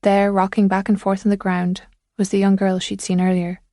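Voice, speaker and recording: A woman narrating a thriller audiobook in a measured, suspenseful way. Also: medium pitch, monotone, warm tone, dry recording, studio quality.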